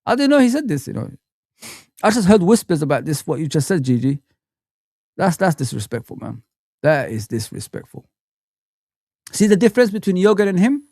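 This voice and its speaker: Guy ranting on a live footy stream, gravelly voice, bit high, dry close mic. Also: brisk, pauses often, no echo. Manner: animated, ranting, talks to chat viewers. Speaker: football fan channel host.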